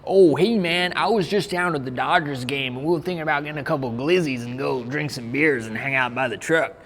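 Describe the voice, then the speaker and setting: A man's voice: a little high, fairly quick, fairly bright tone, lightly acted. Guy doing a chill american bro voice, drawly and slangy, big echo around it. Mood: easygoing. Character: laid-back young American bro, male.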